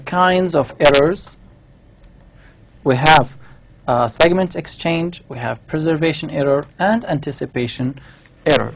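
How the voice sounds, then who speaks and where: A man giving a university lecture, explaining step by step while writing on a board and often checking in with the class. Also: fairly high pitch. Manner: writes on a board while talking.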